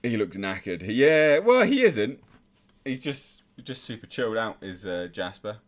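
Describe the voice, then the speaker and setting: A man's voice: on the low side, big pitch swings, unhurried. A young English man chatting casually on a live stream and reading out viewer comments. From England.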